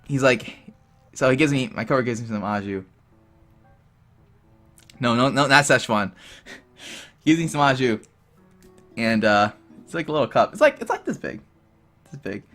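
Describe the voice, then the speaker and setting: A young man telling a story in a casual vlog, animated and rambling, full of "like" and "dude". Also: mid-range voice, normal speed, pauses often, soft background music. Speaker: vlogger.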